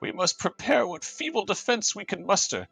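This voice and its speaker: A man's voice: sits high, sing-song, normal speed, gravelly, fairly bright tone, breathy edge, faint music behind, voice pushed up, heavily acted, low-quality recording. A man voicing an old male mage reading his own journal aloud in a solemn old-man voice. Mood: grave.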